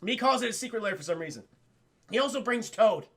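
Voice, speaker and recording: A male film reviewer talks to his live chat in loose, rambling commentary, swearing freely and tossing out sarcastic asides. His voice runs fairly high for a man, with a bright, sharp tone and a gravelly crackle. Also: animated, fast talker. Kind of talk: casual commentary.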